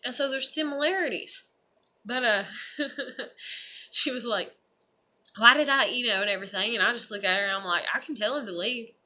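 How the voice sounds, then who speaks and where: A middle-aged woman vlogging straight to camera, her voice bright and a little high. She rambles in loose, earnest reflection, swearing freely and leaning on "you know" and "like.". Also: fast talker. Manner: rambling, heavy with fillers and profanity. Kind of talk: casual personal monologue.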